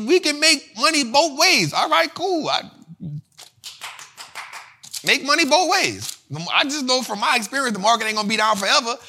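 A man with a very high, gravelly voice hosts an investing show, teaching finance terms casually. His explanations are animated and slangy, with a lot of repetition.

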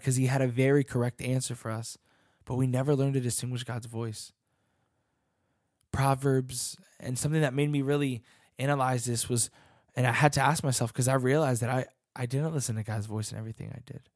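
A man's voice: medium pitch, steady tone, a little fast, a little mellow, dry recording, studio quality. A young man giving an earnest sermon as a youth pastor and worship leader, often restarting his sentences as he searches for words.

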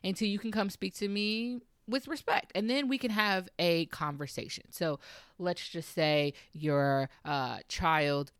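A woman in her thirties speaks as a mom coach, offering casual advice straight to camera. Her voice sits low, and the sound is dry with no room around it. She talks in an animated way, often laughing and acting out teenagers' replies. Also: measured pace, clean tone, no echo.

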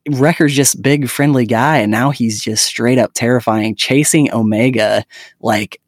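A man's voice: medium pitch, fairly even intonation, a little slow, no room sound, clean studio sound. A man in his thirties co-hosting a podcast, chatting casually and gushing about a show with many fillers. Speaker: podcast co-host. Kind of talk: casual chat.

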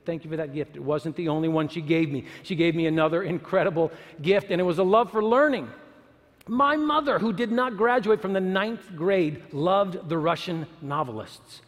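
A man giving an animated, sermon-like talk to an audience, full of rhetorical questions and emphatic repetition. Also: high-pitched, moderate pace. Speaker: speaker at a church or university gathering. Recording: long hall reverb.

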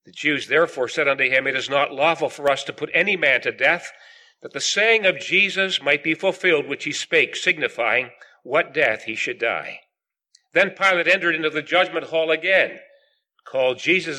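A man's voice: fairly high pitch, normal speed, bright, forceful tone. A man preaching a sermon to a gathered audience, reading long King James scripture passages aloud with rising emphasis on the questions.

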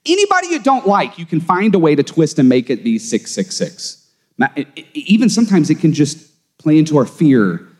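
A theology teacher tells stories in a podcast conversation, casual yet emphatic and animated. His voice is fairly high and moves at a moderate pace, and the room adds a long reverb.

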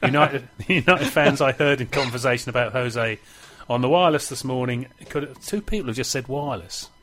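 A man's voice: mid-range voice, fairly quick, a bit bright. A man hosting a football talk show, chatting casually and reading listener emails aloud with a laugh in his voice. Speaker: radio show host. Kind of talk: casual studio chat.

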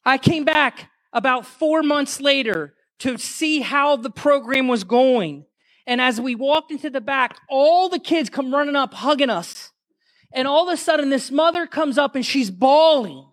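Guy preaching in church, pretty high voice, gets fired up and shouty. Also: measured pace. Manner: impassioned, rising to shouts. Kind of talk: sermon testimony.

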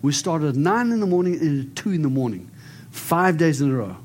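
A man preaching and praying over people in an animated, storytelling way. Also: on the high side, a little fast, a little hiss or hum. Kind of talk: prophetic ministry preaching and prayer.

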